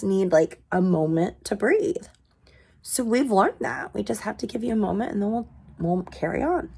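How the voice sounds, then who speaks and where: A woman in her thirties with a mid-range voice, a parenting vlogger, gives an earnest pep talk to camera. She asks viewers direct questions and slips into soft, breathy asides.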